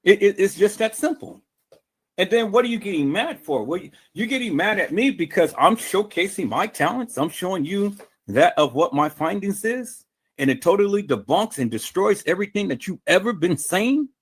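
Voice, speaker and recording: Man, livestream host, fairly high voice, angry profane rant, repeats himself. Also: animated, normal speed, breathy edge. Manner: profane, combative, repetitive stammering restarts. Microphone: streaming mic.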